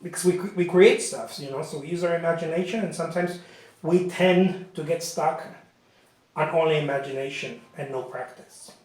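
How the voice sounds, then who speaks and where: Man, painting teacher, rambling casual talk, slightly high voice, heavy room echo. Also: normal speed, darkish tone. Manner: rambling, repeats words, frequent "you know". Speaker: painting instructor. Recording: very echoey room.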